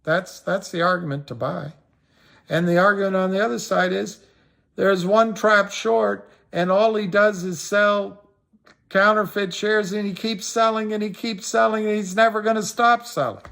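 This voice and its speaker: A man's voice: steady tone, normal speed, vocal fry, fairly bright tone. Rambling man on a livestream, emphatic repeats. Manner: rambling, repeats himself for emphasis, pitch swings up when riled. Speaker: livestream host talking stocks. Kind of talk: casual livestream talk answering viewers.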